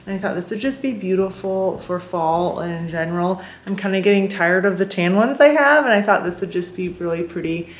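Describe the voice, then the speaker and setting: A woman's voice: medium pitch, a little fast, few pauses, a little hiss or hum. A woman vlogger in her thirties, gushing enthusiastically as she shows off home decor around her house. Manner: gushing, enthusiastic, lots of "beautiful" and fillers. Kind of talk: casual sponsored home decor vlog. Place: at home, porch and indoors.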